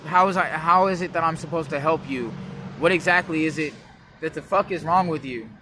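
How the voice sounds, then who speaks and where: A man's voice: fairly high pitch, fairly quick, bright, forceful tone, slight background noise. A man voicing a nerdy, testy male cartoon turtle who talks in a clipped, prissy, exasperated way. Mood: irritated.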